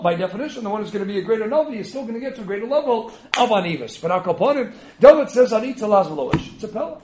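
A man's voice: extremely high pitch, darkish tone. A man giving a spirited Torah lecture, emphatic, posing rhetorical questions and answering them himself. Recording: roomy echo.

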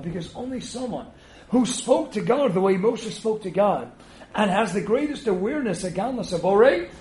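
A man's voice: high voice, a little mellow. A man giving a spirited Torah lecture, emphatic, posing rhetorical questions and answering them himself. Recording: roomy echo.

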